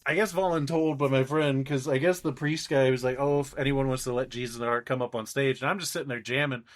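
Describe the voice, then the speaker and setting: A man's voice: medium pitch, fairly even intonation, quick pace. Young male podcast co-host, casual rambling storyteller who acts out each person he quotes.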